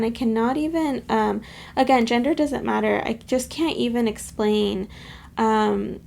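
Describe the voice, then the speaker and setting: A woman's voice: a little high, vocal fry. A woman giving a casual pick-a-card tarot reading, chatty and gushing, with lots of fillers and affectionate asides. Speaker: tarot reader.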